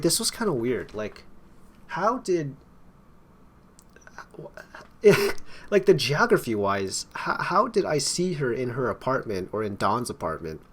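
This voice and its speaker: A gaming YouTuber with a medium-pitched voice plays through a game, narrating its text and commenting casually with wry asides. His delivery stumbles, and his throat sounds strained from talking.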